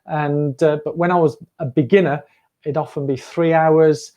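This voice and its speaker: A man's voice: fairly high pitch, fairly even intonation, moderate pace, dark tone. A man hosting a running livestream, rambling and chatty with frequent laughs. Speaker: running channel host. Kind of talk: casual livestream chat.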